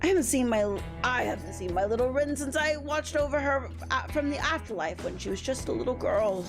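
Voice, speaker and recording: A woman's voice: high-pitched, lively intonation, a little fast, music in the background. A woman voicing a pompous, protective old male demon samurai ancestor in a game read-aloud, haughty and threatening. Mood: doting.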